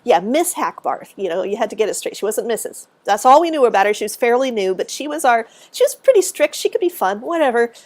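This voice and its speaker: Animated, laughing woman telling stories. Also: a little high, quick pace, hardly any pauses. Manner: animated, laughs often, restarts mid-sentence. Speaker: guest author and researcher. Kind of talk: casual podcast storytelling.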